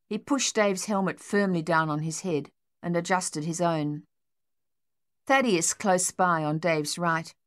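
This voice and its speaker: A woman reading an audiobook in measured, even storytelling narration. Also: on the low side, dry recording, studio quality.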